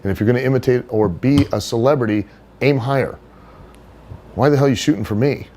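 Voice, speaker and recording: A middle-aged man, a wrestler, chatting as a podcast guest, blunt and profane, telling animated stories. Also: mid-range voice, a little fast, slight background noise. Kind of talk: casual chat, storytelling.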